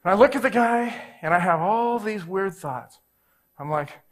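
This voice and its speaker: Male pastor, forties, lively sermon storyteller, high for a man. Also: normal speed. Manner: animated, acts out every voice in his story.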